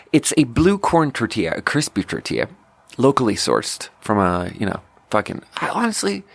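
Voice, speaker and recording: A man hosting a podcast, telling a long story about his restaurant work in a casual, animated way with lots of filler words. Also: normal speed, gravelly, dry recording. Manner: animated, acts out quoted voices with big pitch jumps; frequent fillers like "like" and "you know". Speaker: podcast host; restaurant server.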